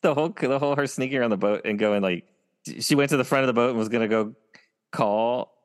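A man's voice: mid-range voice, fast, clean tone. A man co-hosting a casual TV recap chat, retelling scenes in a meandering way. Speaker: podcast co-host. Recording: long reverb.

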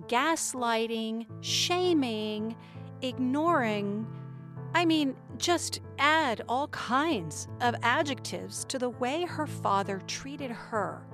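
Slow, measured woman narrator over music. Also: fairly high pitch. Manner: measured, explanatory, lists words for emphasis. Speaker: host and narrator. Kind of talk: reflective commentary on a session.

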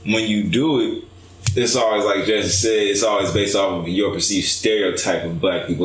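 Blunt low-voiced man, roomy echo. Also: fairly even intonation, moderate pace, a little hiss or hum. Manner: blunt, emphatic, swears freely. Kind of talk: casual podcast chat.

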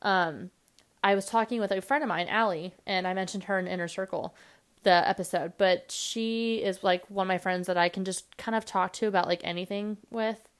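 A young woman hosting her own podcast, talking fast and rambling casually with lots of fillers. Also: mid-range voice, fairly even intonation, clean tone. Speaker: podcast host. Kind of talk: casual solo podcast monologue.

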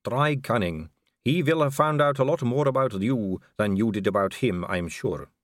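A man's voice: medium pitch, expressive, normal speed, dry recording, clean studio sound, natural voice. Refined vampire countess , as read by a man, gracious, teasing, musical lilt, storybook. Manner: polite, gracious, lightly teasing. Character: genteel female vampire aristocrat, middle-aged, poised.

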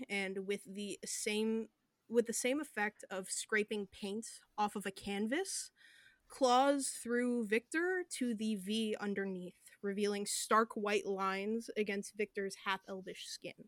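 A woman's voice: mid-range voice, takes it slowly, a bit bright, no room sound. A woman running a tabletop game as game master, narrating in a vivid, descriptive way with some fillers.

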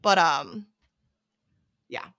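A woman's voice: low voice, big pitch swings, very slow, bright, forceful tone, no echo, clean studio sound. A woman in casual chat, animatedly retelling a holiday movie plot with swearing and many fillers.

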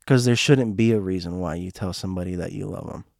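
A man with a hoarse, strained throat telling a personal story in a casual monologue, rambling and restarting, heartfelt with bits of joking. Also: deep voice, quick pace, a little mellow, no room sound, clean studio sound.

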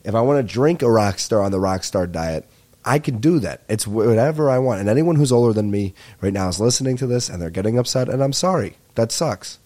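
Rambling young podcast host. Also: male voice, lowish voice, brisk. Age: 20s. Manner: rambling, excitable and profane. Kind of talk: comedic podcast monologue.

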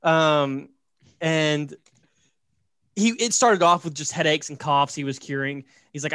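A man with a fairly high voice runs through a story in casual podcast chat, animated and joking. He keeps checking in with "right?" and leaning on "like". The recording is close and dry. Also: unhurried, pauses often, clean tone, no echo. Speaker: podcast host.

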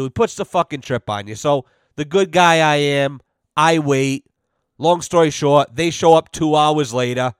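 Guy telling a sweary story on his podcast, plays all the voices himself, kinda high clean voice, dry close sound. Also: moderate pace, clear, resonant tone, no echo. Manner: profane, animated, acts out both sides of conversations. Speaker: podcast host. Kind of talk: casual storytelling monologue.

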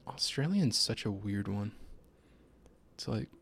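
A young man co-hosting a relaxed podcast chat, with a lowish voice that has plenty of gravelly fry in it. He talks in a laid-back, hesitant way, pausing and trailing off as he thinks. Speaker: podcast co-host. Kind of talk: casual chat.

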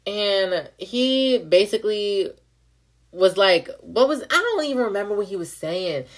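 A woman's voice: medium pitch, lively intonation, measured pace. A young woman hosting a podcast, ranting bluntly with lots of profanity, repeated phrases and "like" fillers. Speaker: podcast host. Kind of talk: casual rant monologue.

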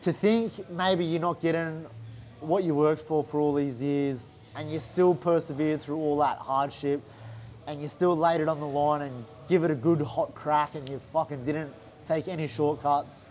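A man with an Australian accent telling a story in a casual interview, animated and swearing often. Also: on the high side, normal speed. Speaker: interview guest, fighter.

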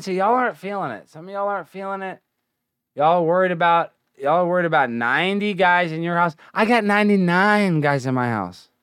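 A man hosting a comedy show, delivering a brash, swaggering rant that keeps slipping into sing-song chants and sudden shouts. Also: fairly high pitch, no echo, clean studio sound.

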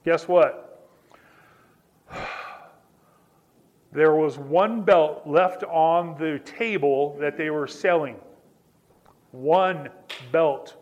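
This pastor, his voice fairly high, preaches very slowly with frequent pauses, and the recording is muffled. He shares a personal story in a conversational way, addressing listeners directly and restating phrases for emphasis.

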